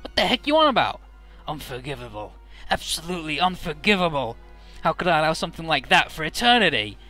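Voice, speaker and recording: A man voicing a bitter, vengeful alien villain who rages in shrill, shouted outbursts. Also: very animated, fast talker, soft background music.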